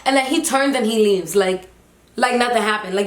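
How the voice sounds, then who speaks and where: A young woman vlogger telling a story in a casual, animated, slangy and emphatic way. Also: a little high, normal speed. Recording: roomy echo.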